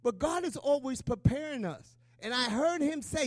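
Middle-aged pastor man preaching, really high voice, dry close sound, chatty asks the crowd amen. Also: animated, moderate pace, few pauses, dry recording. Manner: emotional, conversational preaching with call-and-response asides. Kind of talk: sermon.

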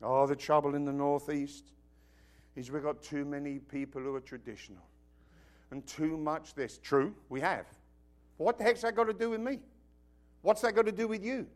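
A man's voice: a little high, fairly even intonation, normal speed, long pauses. A man from Britain with a British accent preaching a sermon, emphatic and joking, often asking the congregation whether they follow. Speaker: pastor.

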